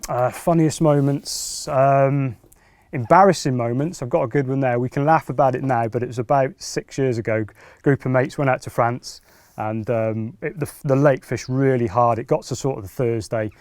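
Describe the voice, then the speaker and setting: A man's voice: mid-range voice, fairly even intonation, moderate pace, darkish tone, no room sound. A man recounting a fishing trip in a chatty, casual way. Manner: chatty storyteller. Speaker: fishing consultant. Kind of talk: casual anecdote.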